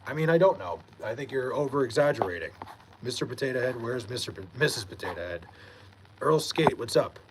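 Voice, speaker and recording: Young man from New York, live-stream host, mid-pitched, easygoing and foul-mouthed, faint background hum. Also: lively intonation, a little fast. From Long Island, New York. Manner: reads viewer messages aloud, laid-back, swears freely. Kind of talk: casual live-stream chat Q&A.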